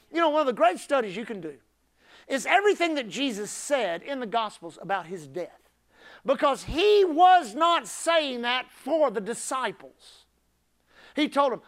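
Male pastor, sermon, very high-pitched, emphatic, shouted climaxes. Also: big pitch swings, normal speed.

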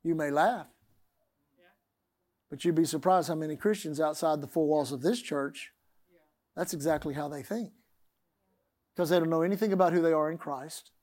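A man preaching a sermon, emphatic, swinging from loud declarations to hushed asides and drawing out key phrases word by word. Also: fairly high pitch, normal speed, long pauses. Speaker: pastor.

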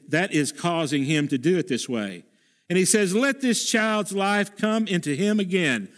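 Man, pastor, sermon, high-pitched voice, earnest, emphatic, repeats phrases, swings between raised prayers and hushed points. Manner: rises sharply when voicing prayers, drops low for quiet points.

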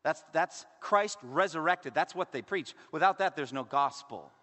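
Preaching man with a higher voice in a reverberant hall. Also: lively intonation, a bit bright. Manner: varies volume and pace for emphasis, dramatic pauses. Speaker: pastor. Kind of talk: sermon. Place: church sanctuary. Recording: long reverb of a large hall.

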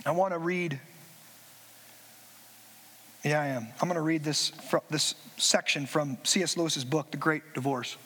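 Bright, high-voiced male preacher. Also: fairly even intonation, slightly rough. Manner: emphatic, drawn-out phrasing with asides. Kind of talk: sermon. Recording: reverberant hall.

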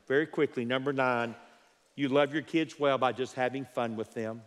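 A man's voice: medium pitch, fairly even intonation, normal speed. A man preaching a sermon with emphasis, repeating his key phrases and counting off numbered points. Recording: long hall reverb.

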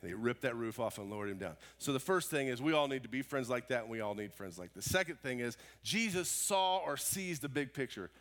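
A man preaching a sermon, telling a story with animated voices that swing from loud exclamations to hushed, quiet lines. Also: mid-range voice, a little fast, hardly any pauses. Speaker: pastor.

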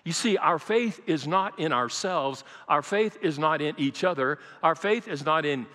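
A man's voice: on the high side, expressive, normal speed, bright, forceful tone, big-room sound. An older man preaching a sermon as pastor, asking the congregation questions and repeating key lines. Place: church sanctuary.

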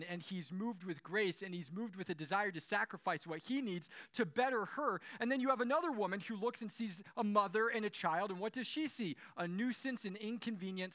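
A young man preaching a sermon as a pastor, telling stories in an animated way, swinging from soft to loud and chuckling now and then. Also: high voice. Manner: animated storytelling with big swings in loudness and occasional chuckles.

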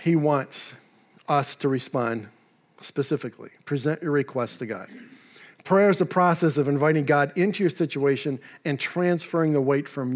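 A male pastor delivering a sermon with a somewhat high-pitched voice. He talks in a relaxed, conversational way, dropping in casual asides. His delivery stays friendly and unhurried. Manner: conversational, with asides and paraphrased dialogue.

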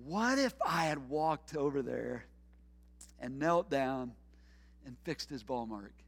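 A middle-aged man, a pastor, preaching a sermon with a personal story, animated and laughing often as he acts out his own thoughts. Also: mid-range voice, slow, gravelly, in a large hall.

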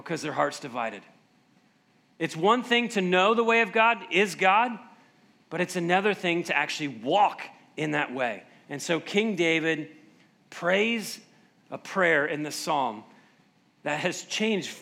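A middle-aged man preaching a sermon, asking rhetorical questions and acting out scripture quotes in animated voices, sometimes dropping to a slow, quiet delivery for emphasis. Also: fairly high pitch, gravelly. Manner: asks rhetorical questions to the congregation. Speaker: pastor.

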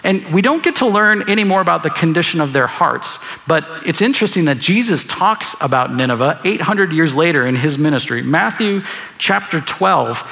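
A man's voice: fairly high pitch, vocal fry, fairly bright tone. A man preaching a sermon as pastor, earnest and emphatic, often repeating his key phrases. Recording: long reverb of a large hall.

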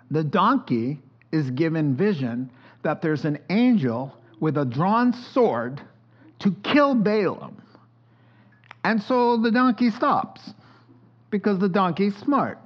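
A man preaching a sermon in a conversational, animated way, with playful asides to his listeners, on a dull lo-fi recording. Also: fairly high pitch. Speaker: pastor.

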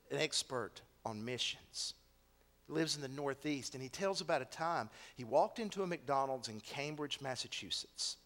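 A male pastor preaching a sermon, swinging from hushed, almost whispered lines to loud, shouted exhortation. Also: on the high side.

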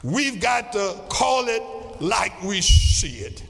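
High-voiced preaching man in echoing hall. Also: very animated, takes it slowly, gravelly. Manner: rhythmic preaching, swings from quiet to shouting. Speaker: pastor. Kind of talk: sermon. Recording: long reverb of a large hall.

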